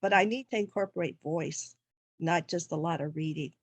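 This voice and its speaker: A woman's voice: deep voice, normal speed. A woman on a video call asking an eager, rambling question in a casual chat. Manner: eager, talkative, run-on sentences. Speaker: webinar audience member asking a question.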